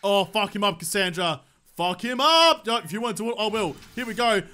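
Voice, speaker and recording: An Australian man commentating his gameplay, excitable, joking and swearing a lot. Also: sits high, fast talker. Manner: excitable, profane, jokey. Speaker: gaming YouTuber. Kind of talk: let's play commentary.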